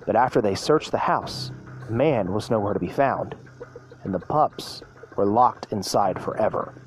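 A man reads out an older cafe owner telling a ghost legend in a storybook, his voice dropping low and quiet. The telling is hushed and ominous, with faint music somewhere behind. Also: animated, moderate pace, close to an everyday voice.

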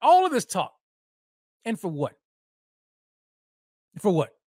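A man's voice: sits high, huge pitch swings, slow, a little mellow, dry recording, clean studio sound. A man hosting a solo sports podcast, mocking and heated, hammering points by repeating himself. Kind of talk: solo sports commentary rant.

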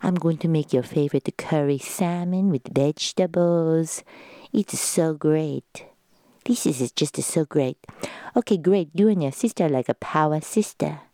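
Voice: mid-range voice, unhurried, warm tone, no echo, lightly acted. A podcaster impersonating their mother as an upbeat, fussing mom in a raised, bubbly voice, recorded dry.

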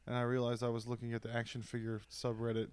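A man in casual comedy chat on a podcast, joking crudely and tossing in quick silly voices. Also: medium pitch, monotone, crowd noise. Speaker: podcast host.

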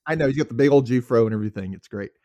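Over a crowd in the background, this young Mississippi podcast host talks very fast in a mid-range voice. Recapping a show casually, he acts out the characters, stays animated, and laughs a lot.

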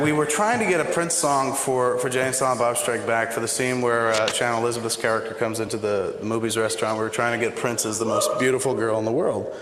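A man's voice: medium pitch, fairly bright tone, a little hiss or hum. A man telling a long profane anecdote to a live audience, acting out both sides of a phone call. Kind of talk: animated live storytelling. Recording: echoey hall with faint ambience.

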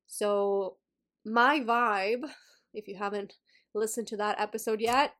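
A young woman with a slightly nasal voice hosts her own podcast in a relaxed way. She repeats her phrases and speaks straight to her listeners with encouraging questions. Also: medium pitch, slow. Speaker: podcast host and yoga teacher. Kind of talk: casual solo podcast talk.

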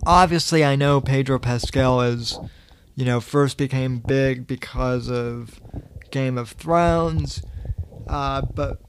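A man's voice: medium pitch, slow, a little hiss or hum. A young man hosting a podcast, rambling casually with many fillers and the odd swear. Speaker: podcast host.

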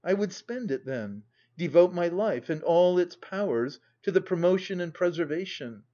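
A man voicing a bold young gentleman suitor who pleads with flattering, easy assurance, on a dull lo-fi recording. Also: high-pitched, moderate pace, voice pushed up. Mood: pleading.

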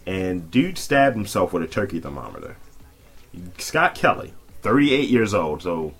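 This man sits fairly low and sounds a little husky, but his pitch jumps all over as he tells news stories. He's a podcast co-host in his thirties, and his casual chat is loud, profane and full of high, mocking put-on voices. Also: very animated, a little slow. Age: 30s.

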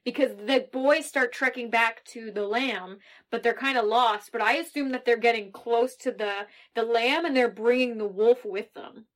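High-voiced woman chatting about a movie. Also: moderate pace, hardly any pauses. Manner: chatty, laughs often. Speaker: podcast co-host. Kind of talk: casual movie chat.

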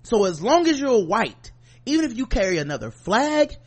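A man co-hosting a podcast, ranting in casual chat, profane and animated, with mocking asides. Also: extremely high pitch, normal speed, breathy edge. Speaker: podcast co-host.

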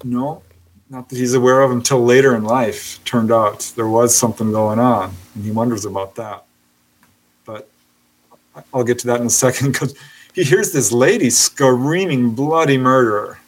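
A man who is a podcast guest, telling a story with lively narration that acts out the people in it and laughing often. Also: mid-range voice, normal speed, rough recording. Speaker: guest, author on UFO encounters. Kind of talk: animated storytelling in a podcast interview.

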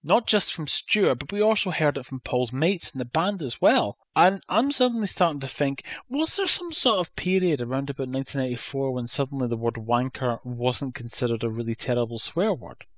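A man's voice: medium pitch, expressive, a little fast, hardly any pauses, dry recording. A man co-hosting a casual chat podcast, telling stories in a wry, mock-serious way. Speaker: podcast co-host.

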